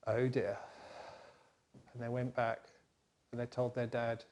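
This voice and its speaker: A man telling a Bible story to children in an animated, expressive way. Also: mid-range voice, normal speed, pauses often.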